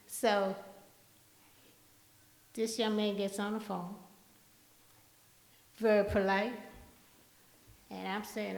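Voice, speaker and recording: An older woman giving a storytelling memorial tribute speech in a large hall, slow and deliberate. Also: medium pitch, flat delivery. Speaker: eulogy speaker. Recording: echoey hall, voice from far off.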